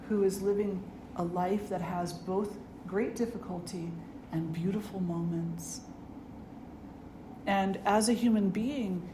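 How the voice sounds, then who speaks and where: Earnest woman teacher in an echoey room. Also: medium pitch. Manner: earnest, storytelling with gentle humor. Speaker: spiritual teacher. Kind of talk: dharma talk. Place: ashram hall. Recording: echoey room with faint noise.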